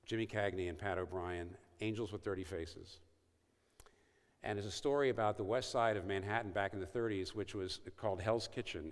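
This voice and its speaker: A man giving an evangelistic talk to a university audience, telling stories and acting out quoted lines. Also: deep voice. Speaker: speaker at a university event. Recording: reverberant hall.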